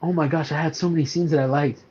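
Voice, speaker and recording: A man's voice: fairly high pitch, fairly even intonation, fast talker, mellow, muffled recording, a little hiss or hum. A man co-hosting a casual movie review podcast, animatedly retelling scenes with acted-out quotes and lots of fillers. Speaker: podcast co-host.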